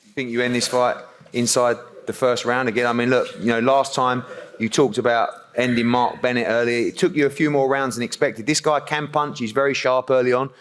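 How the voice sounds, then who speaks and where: A man's voice: medium pitch, fairly even intonation, fairly quick. A man interviewing at a press conference, asking long, rambling questions with many restarts.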